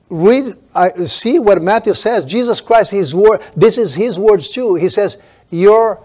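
Emphatic male preacher, slightly high voice. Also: lively intonation, darkish tone. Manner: emphatic, drawn-out stresses, frequent restarts. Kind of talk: sermon.

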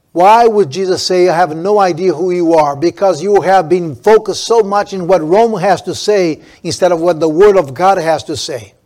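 This is a sermon from an emphatic man whose voice is a bit high and gently mellow. He lengthens his stressed words and keeps restarting his sentences.

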